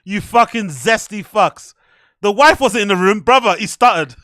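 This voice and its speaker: A man's voice: high-pitched, lively intonation, moderate pace, sharp tone, dry recording, studio quality. A man hosting reaction commentary, mocking, profane and exasperated. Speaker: show host.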